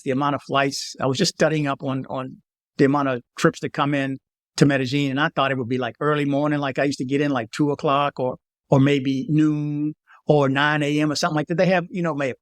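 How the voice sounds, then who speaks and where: A man's voice: a little high, no echo, clean studio sound. Emphatic man giving casual advice. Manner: emphatic, repeats warnings, animated asides. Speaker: travel vlogger.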